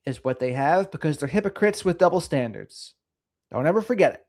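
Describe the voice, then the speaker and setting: A middle-aged man hosting a casual livestream, speaking in a slightly higher register for a man. His delivery is sing-songy and lively as he chats with viewers. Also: fairly quick. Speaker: livestream host. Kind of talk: casual livestream chat reading comments.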